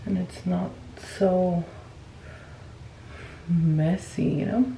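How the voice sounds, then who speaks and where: A woman's voice: lowish voice, fairly even intonation, extremely slow, creaky, warm tone, slight background noise, rough recording. A woman in her thirties, a mother, chatting casually to camera in a vlog and sometimes a little out of breath. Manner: chatty, talks straight to camera. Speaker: vlogger.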